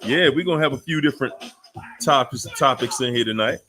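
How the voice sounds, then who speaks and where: A man's voice: mid-range voice, a little fast, sharp tone. A man hosting a casual livestream call-in show, greeting viewers by name and laughing often. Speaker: livestream host. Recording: faint music behind.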